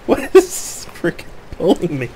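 A man at a middle pitch chats loosely over his own gameplay, laughing easily and poking fun at himself. His voice turns excitable in the busy moments, and a faint hiss of noise sits under the recording. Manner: laughs often, excitable, joking, self-mocking. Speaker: gamer commentating his own play. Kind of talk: casual gameplay commentary.

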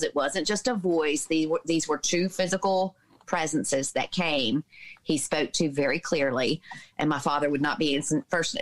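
This is a woman in her fifties from the Southern United States, speaking as a podcast guest. Her voice sits low. She tells her stories at length and in a lively way, full of fillers, and she briefly mimics the people she quotes. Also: poor audio. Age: 50s. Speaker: podcast guest, author and healer. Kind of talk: personal storytelling in a conversation.

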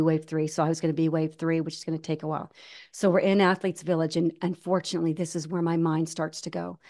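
Woman, forties, guest storyteller, animated, slightly low voice, frequent restarts. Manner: animated, many restarts, acts out quoted voices. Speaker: guest, ultramarathon runner. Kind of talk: casual storytelling interview.

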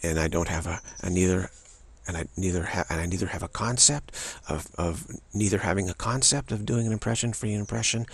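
A man giving a spiritual practice talk, halting and musing, with frequent restarts and repeated phrases. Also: low-pitched, breathy edge, no room sound. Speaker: spiritual teacher.

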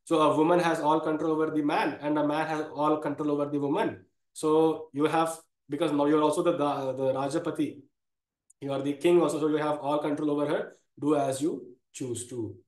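A man with a fairly high voice teaches a classical text, reciting each verse and then glossing it. His explanations wander, with frequent "uh" pauses. The room around him echoes noticeably. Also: steady tone, darkish tone. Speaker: Sanskrit teacher.

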